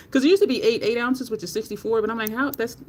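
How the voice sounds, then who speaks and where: A woman's voice: on the high side, darkish tone, a little hiss or hum. A teary woman, chatting candidly on a makeup livestream, swearing casually and thanking viewers in chat. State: teary, near crying.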